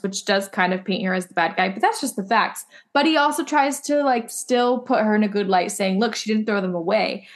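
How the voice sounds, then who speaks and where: A woman's voice: medium pitch, a bit bright. Blunt, joking woman podcast co-host. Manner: blunt, joking, swears freely. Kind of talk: casual chat.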